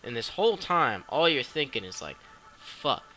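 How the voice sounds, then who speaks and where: Talking through a movie's plot for a vlog, this young reviewer is chatty, excitable and profane, cursing without restraint. He has a mid-range voice and a brisk pace, with slight noise in the background.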